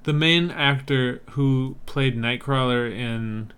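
A man with a smooth, clear voice talks through movie trailers in an easygoing, wry way. He muses thoughtfully and keeps the tone relaxed, as a co-host in a casual chat. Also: mid-range voice, slow pace. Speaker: podcast co-host.

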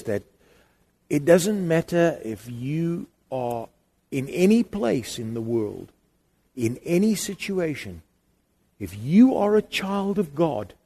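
A middle-aged man preaching, telling a family story in an animated way that swings from loud emphasis to quiet, intimate moments. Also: medium pitch, breathy edge. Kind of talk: sermon storytelling.

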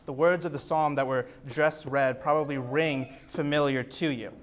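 A young man preaching an earnest teaching sermon, reading scripture aloud with rising emphasis. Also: on the high side.

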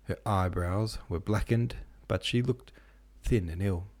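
A very deep-voiced man, an audiobook narrator and podcast host, reads a classic novel for an audiobook. His delivery stays steady and measured throughout.

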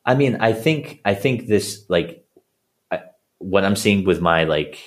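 A man in his thirties with a very low voice talks openly as a coaching client. He rambles and circles back, filling his sentences with "like" and "you know" and restarting as he works out what he means. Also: lively intonation, measured pace. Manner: rambling, many fillers and restarts. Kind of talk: casual conversation.

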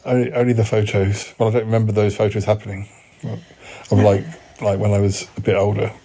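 A man's voice: lowish voice, level tone, brisk, mellow, slight background noise. A man hosting a podcast, chatting casually with a hesitant, stop-start manner. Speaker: podcast host. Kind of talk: casual chat.

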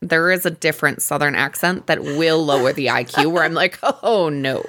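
A woman co-hosting a podcast, chatting casually and giggling as she recaps a dating show. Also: moderate pace. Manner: chatty, giggly, animated swoops in pitch. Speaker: podcast co-host.

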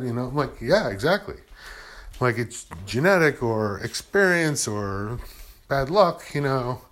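A man's voice: medium pitch, lively intonation, unhurried, a bit bright. A man in a casual, rambling spiritual monologue, acting out imagined objections and answering them with "you know" and "I'm like".

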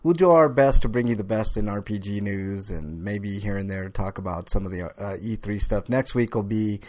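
A man's voice: lowish voice, moderate pace, darkish tone. A man hosting a casual gaming podcast, loose and joking, swearing freely and laughing often. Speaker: podcast host.

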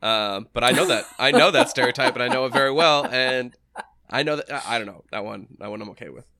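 A man's voice: mid-range voice, fast, gravelly, pushed and bright. A young man, an improviser, chatting casually in an easygoing, hesitant way. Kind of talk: casual chat.

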